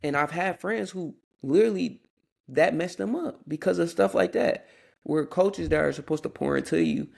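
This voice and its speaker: A man's voice: a little high, gravelly, darkish tone. A young man hosting a Christian podcast, talking earnestly in a rambling, casual way with restarts and asides. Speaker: podcast host.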